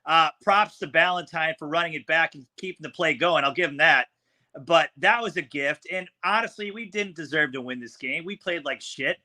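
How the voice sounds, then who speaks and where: A man's voice: a little high, normal speed, pushed and bright. A man co-hosting a sports podcast, giving blunt, opinionated takes on a football game. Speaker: podcast co-host. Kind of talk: sports talk analysis.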